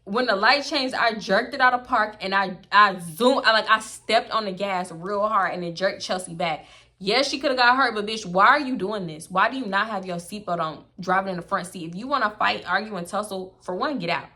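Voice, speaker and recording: A young woman telling a story to camera, casual, animated and blunt, swearing freely. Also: mid-range voice, brisk. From Houston, Texas. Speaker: storytime vlogger.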